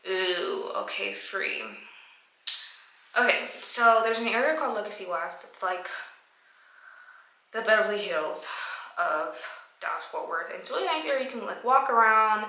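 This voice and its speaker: A woman's voice: mid-range voice, lively intonation, normal speed, pauses often, bright, forceful tone. A woman vlogger casually answering viewer questions, telling stories and acting out her own reactions in quotes. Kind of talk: casual Q&A storytelling. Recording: echoey room.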